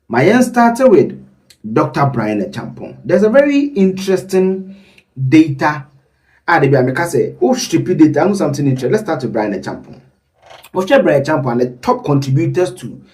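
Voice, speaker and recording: Rambling animated man, distant mic. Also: fairly high pitch. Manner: rambling, animated, breaks into asides. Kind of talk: casual commentary on poll data.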